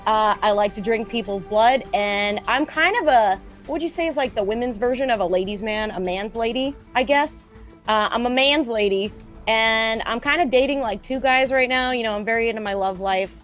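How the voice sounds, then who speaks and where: A woman's voice: fairly high pitch, normal speed, fairly bright tone, faint music behind, natural voice. A woman playing a lisping young vampire girl. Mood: offhand. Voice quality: lisp. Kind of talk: murder mystery role-play.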